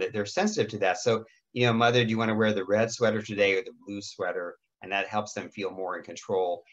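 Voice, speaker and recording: A middle-aged man with a raspy voice giving a lecture on caring for people with dementia, gentle and often clearing his throat. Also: fairly low pitch, lo-fi sound. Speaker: dementia care educator. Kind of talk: lecture presentation with slides.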